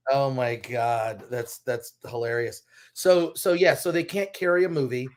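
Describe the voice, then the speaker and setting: A man's voice: medium pitch, fairly even intonation, measured pace. A man appearing as a guest critic, giving blunt, considered film opinions in casual panel talk. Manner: blunt, critical, thoughtful with restarts.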